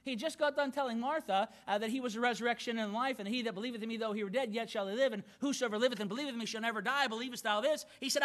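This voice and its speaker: High bright-voiced preaching pastor. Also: male voice, racing, hardly any pauses. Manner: earnest preaching with frequent repeated words and restarts. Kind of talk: sermon. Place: church auditorium.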